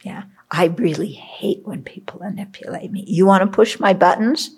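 A woman's voice: medium pitch, moderate pace, darkish tone, breathy edge. A Buddhist woman teacher giving a reflective dharma talk, checking in often with her listeners. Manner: reflective, checks in with "okay?", acts out inner voices.

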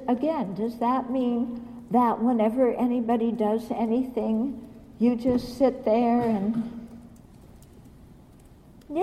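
Slow, blunt woman teaching in a hall. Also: on the high side, dark tone. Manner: blunt, questioning, acts out quotes. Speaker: Buddhist teacher. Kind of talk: dharma talk.

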